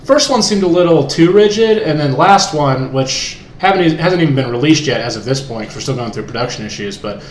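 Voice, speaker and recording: A man's voice: a little high, animated, brisk, few pauses. A young man co-hosting a casual podcast, rambling with many fillers and restarts, recorded on a cheap USB mic at home. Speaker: podcast co-host. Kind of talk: casual chat. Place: room in his house. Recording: echoey home room, faint hiss.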